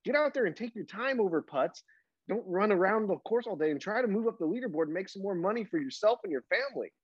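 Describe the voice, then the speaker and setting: A man co-hosting a casual golf chat, talking his opinions through in a measured way with a slightly high voice. The sound is dry and a little muffled. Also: animated, slightly rough, no echo. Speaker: podcast co-host.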